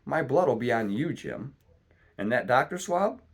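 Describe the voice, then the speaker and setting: A man voicing a sick, rum-craving old pirate captain who talks in gruff, salty seaman's slang, reading a storybook aloud. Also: medium pitch, sing-song, measured pace, pitched above the performer's own voice, heavily acted. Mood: blustering. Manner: gruff salty seaman's talk, pleading then cursing.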